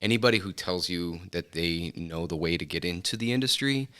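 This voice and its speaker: Middle-aged guy on a podcast, deep voice but bright, lots of ums and restarts. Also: a little fast, clean tone. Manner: reflective, hesitant with many fillers and restarts. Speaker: filmmaker guest. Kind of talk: casual interview chat. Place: podcast studio.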